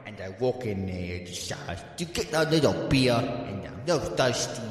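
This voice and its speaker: A man rambles through a crude comic bar story, padding it with fillers. His pitch swings up and down a lot. The sound is echoey, with a long room reverb. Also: expressive, moderate pace. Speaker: comedian telling a story.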